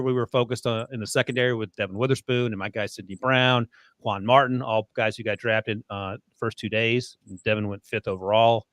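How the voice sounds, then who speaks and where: Quick, laughing man in a dry studio. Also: medium pitch, fairly bright tone, dry recording. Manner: quick, laughs often, teasing. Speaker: podcast co-host. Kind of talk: casual sports chat.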